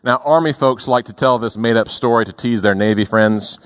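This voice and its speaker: A male pastor preaching a sermon in a deliberate, emphatic way, slowing down on key words. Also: medium pitch, clear, resonant tone.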